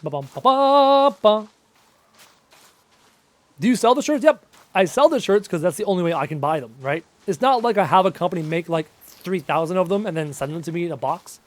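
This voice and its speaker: A man's voice: high voice, expressive, quick pace, dry recording. A man live streaming a game, chattily reading viewer questions aloud and answering them, humming little tunes to himself in between. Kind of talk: casual live stream Q&A while playing.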